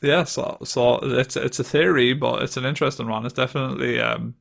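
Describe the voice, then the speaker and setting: A man's voice: mid-range voice, fairly even intonation, brisk, vocal fry, a bit bright. A man co-hosting a casual podcast who rambles through theories, swearing and laughing as he talks. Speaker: podcast co-host. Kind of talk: casual chat.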